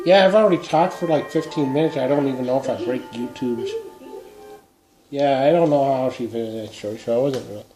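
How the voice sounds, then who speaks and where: A man's voice: medium pitch, brisk, music in the background, lightly acted. A man playing a middle-aged Minnesotan who rambles while drinking beer, speaking with a Minnesota accent. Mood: rambling. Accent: Upper Midwest (Minnesota). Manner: rambling, meandering, trails off. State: tipsy from beer. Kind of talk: comedy character vlog. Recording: echoey room.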